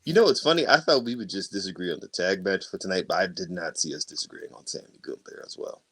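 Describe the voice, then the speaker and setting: A man co-hosting a wrestling podcast in casual chat, animated and quick to swear and laugh. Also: low-pitched, husky. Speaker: podcast co-host.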